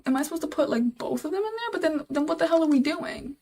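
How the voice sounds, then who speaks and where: Woman, young, high voice, gravelly fry, live-stream chatter, thinking aloud, repeats herself. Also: animated, fast, warm tone. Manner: easily exasperated, swears casually.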